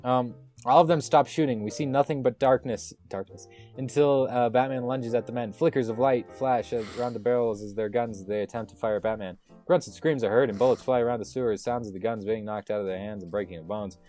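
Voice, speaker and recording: A man's voice: medium pitch, steady tone, a little fast, warm tone, faint music behind. A man reading a script's stage directions aloud with wry asides and some stumbles, in a comic read-through. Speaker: script reader.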